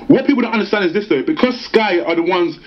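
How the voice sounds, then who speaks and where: A man hosting a casual boxing chat, talking rapidly and keeps checking in with the listener. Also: high voice, lively intonation. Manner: rapid, chatty, keeps asking "yeah?" and "do you know what I mean?". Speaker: boxing show host. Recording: dull lo-fi sound.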